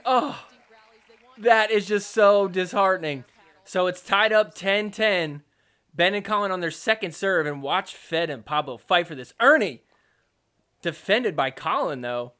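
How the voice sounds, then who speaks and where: Young male sports podcast host; high, bright tone; excitable, joking recap with mock outrage. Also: smooth. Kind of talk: casual sports recap commentary.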